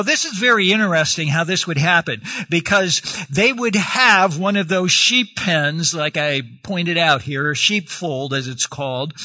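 A man preaching a sermon on scripture, animated and expressive, calling out like a shepherd at times. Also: dry recording. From grew up on a farm. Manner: animated, swings pitch, acts out shepherd calls.

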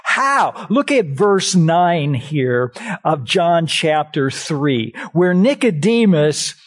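A man preaching at a very unhurried pace, lingering over each phrase. His pitch rises and falls widely as he repeats key words for emphasis, and the sermon is streamed live. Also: sing-song. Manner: slow, deliberate preaching with emphatic repetitions. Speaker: pastor. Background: live-streamed church service.

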